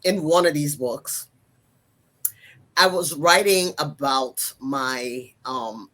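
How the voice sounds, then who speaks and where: Casting: middle-aged woman counselor, animated storyteller in a casual interview. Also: rumbling low, slow pace. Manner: animated storyteller acting out family quotes. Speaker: guest counselor and author.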